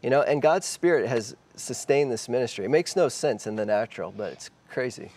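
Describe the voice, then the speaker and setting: Animated man telling stories, laughing often. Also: mid-range voice, fairly quick. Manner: animated storyteller, laughs often, says "you know". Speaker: ministry leader guest. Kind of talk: casual faith interview. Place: TV studio.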